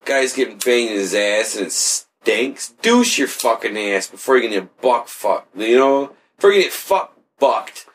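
A man's voice: mid-range voice, expressive, unhurried, hardly any pauses, slight background noise. A man in casual, crude conversation, rambling through a story with lots of filler words.

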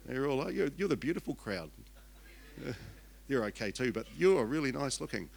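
Chatty older Kiwi pastor, joking. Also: male voice, medium pitch, sing-song, normal speed, gravelly, a little mellow. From New Zealand. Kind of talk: sermon.

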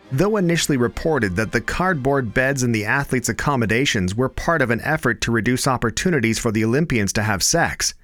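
A Canadian man reading satirical news headlines in a dry, deadpan anchor style. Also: mid-range voice, no room sound. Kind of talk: deadpan comedy news delivery.

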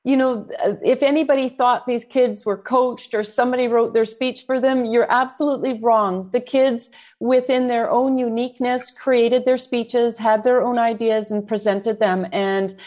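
A woman's voice: a little high, fairly even intonation, highs cut off. A woman co-hosting an online talk, speaking earnestly and with pride about young speakers. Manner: proud, unhurried, earnest. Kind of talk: casual chat.

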